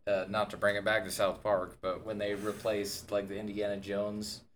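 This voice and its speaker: A lower-voiced man co-hosts a relaxed podcast, rambling through his thoughts with a steady stream of "like". A faint hiss of background noise sits under his voice. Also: moderate pace. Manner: rambling, loose, peppered with "like". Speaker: podcast co-host. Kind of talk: casual podcast chat.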